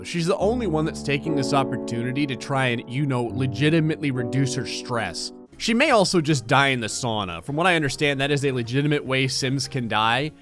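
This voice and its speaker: A man giving gleeful, sarcastic let's play commentary, laughing often. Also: mid-range voice. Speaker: gaming commentator.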